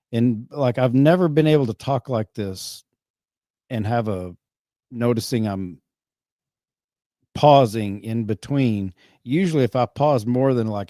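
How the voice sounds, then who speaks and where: A middle-aged man hosting a podcast, chatting casually in a rambling, halting way, often correcting himself mid-sentence. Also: medium pitch, warm tone, no room sound, clean studio sound. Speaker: podcast host. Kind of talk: casual chat.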